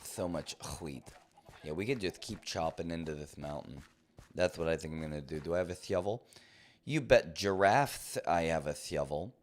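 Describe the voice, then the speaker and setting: A man's voice: sits low, lively intonation, moderate pace, a little hiss or hum. A man streaming a game live, talking in a playful, rambling way full of silly jokes. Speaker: gaming streamer. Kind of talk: live gameplay commentary.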